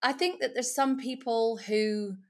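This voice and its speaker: A woman's voice: a little high, measured pace, a little mellow. A middle-aged woman hosting a podcast, chatty and casual, with lots of "like" and "you know" fillers. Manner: chatty, many fillers, laughs along. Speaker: podcast host, sobriety coach. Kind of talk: casual conversation.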